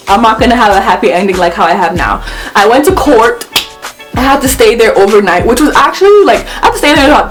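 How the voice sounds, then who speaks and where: A young woman telling a story on her vlog, animated and swearing as she acts out the quotes. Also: medium pitch. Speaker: vlogger.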